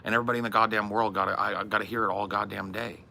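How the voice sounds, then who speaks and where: A man with a deep, gravelly voice and a sharp, forceful edge rambles on a podcast. His talk is casual, profane and exasperated, full of restarts. A faint hiss runs under the recording. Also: level tone, racing. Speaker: podcast co-host. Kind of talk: casual comedic rant.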